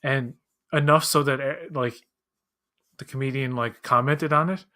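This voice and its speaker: A man's voice: mid-range voice, steady tone, normal speed, pushed and bright. A man co-hosting a watch-along, chatting casually in long rambling turns full of restarts and acted-out quotes. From Canada. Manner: rambling, many restarts and fillers, acts out quoted voices. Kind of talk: casual chat.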